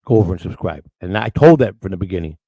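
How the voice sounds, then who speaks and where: A man's voice: sits low, expressive, fast talker, warm tone, breathy edge, dry recording. An older man hosting a morning show, telling rambling stories with lots of restarts and acted-out quotes. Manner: rambling storyteller with many restarts. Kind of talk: casual rambling chat.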